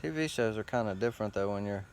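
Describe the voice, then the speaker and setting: Low-voiced man rambling profanely outdoors. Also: quick pace, a little hiss or hum. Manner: loose, profane, meandering talk with frequent fillers. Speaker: host. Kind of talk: casual rambling monologue. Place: outdoors, sitting against a tree.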